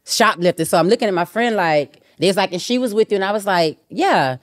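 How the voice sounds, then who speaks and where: Animated woman telling a story. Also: fairly quick. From Miami. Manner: animated, acts out quotes with sudden high exclamations. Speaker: guest rapper. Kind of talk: casual storytelling.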